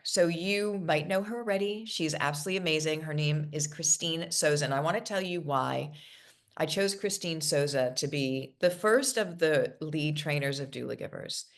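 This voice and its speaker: Low-voiced woman hosting, super gushy and excited, lots of "like". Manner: gushing, enthusiastic, with many "like"s. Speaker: program founder and host. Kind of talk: enthusiastic class introduction.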